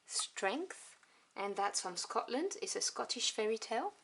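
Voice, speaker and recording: A woman's voice: on the high side, sing-song, unhurried. Chatty woman reviewing tarot cards. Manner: chatty, enthusiastic, drops into soft asides. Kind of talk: casual deck review. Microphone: camera on tripod. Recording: noisy home recording with clicks.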